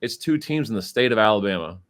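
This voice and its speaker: A man talking college sports on a podcast in a measured way, hedging often and using fillers. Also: lowish voice, lively intonation, fairly bright tone.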